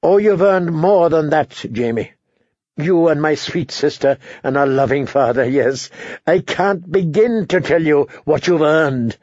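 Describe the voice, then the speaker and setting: A man's voice: a little high, lively intonation, a little slow, no echo, highs cut off. A man voicing a bitter, sardonic dwarf nobleman in an audiobook. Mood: furious. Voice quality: sharp-tongued, sarcastic. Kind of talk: audiobook character voice.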